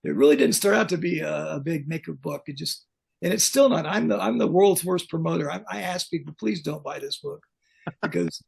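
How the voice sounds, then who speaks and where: Gravelly older man telling blunt stories. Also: on the high side, brisk. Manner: blunt, joking, animated anecdotes. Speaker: guest, pyrotechnics technician. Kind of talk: casual storytelling interview.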